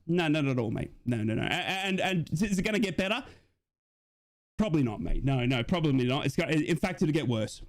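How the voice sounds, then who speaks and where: A man hosting a live stream in casual, matey chat, reading out messages and now and then bursting into excited shouts. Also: on the high side, brisk.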